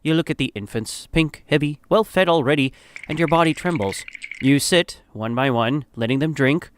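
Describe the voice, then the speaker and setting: A man's voice: on the high side, normal speed, slight background noise. Grave man narrating a somber story. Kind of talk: second-person dramatic story narration.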